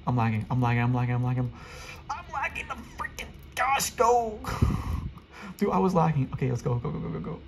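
Male gaming creator, live commentary, excitable, lively pitch, mellow tone, chatty with viewers. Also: vocal fry, slight background noise. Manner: excitable, rapid-fire repeated urging; chatty, addresses viewers directly.

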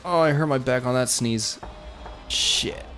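A man's voice: mid-range voice, a little slow. A man giving casual commentary while playing a game, sniffly with a stuffed nose, yelping and swearing at the action. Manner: excitable, yelps and swears at the game. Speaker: gaming video creator. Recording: game music playing behind.

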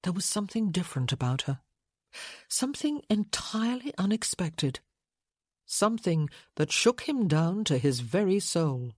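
A woman narrating a romance audiobook in a measured, intimate reading. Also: lowish voice, very animated, a little mellow, slightly rough, no echo, studio quality. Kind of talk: scripted narration.

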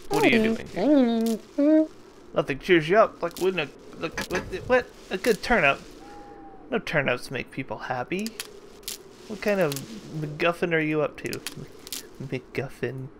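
A man's voice: on the high side, lively intonation, unhurried, background noise. A man hosting a let's play, giving casual, jokey gameplay commentary and thinking aloud as he plays.

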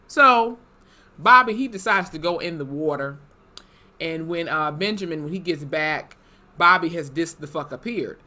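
Young woman ranting thru a tv recap, bright sharp voice, swears a lot. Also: low voice, normal speed. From Wisconsin, USA. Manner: animated, swearing, lively asides. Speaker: YouTube TV reviewer. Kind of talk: casual episode recap.

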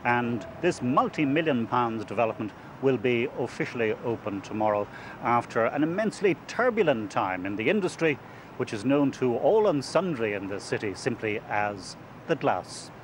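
A man's voice: medium pitch, sing-song, normal speed, background noise. A man giving a formal news introduction as presenter. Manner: formal, announcing.

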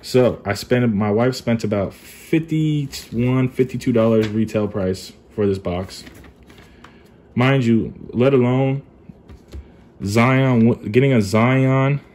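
A young man talking casually while unboxing trading cards at home, keeping his voice low and calling himself monotone. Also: slow pace. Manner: kept low and subdued, calls himself monotone. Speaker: card collecting YouTuber. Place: apartment at home.

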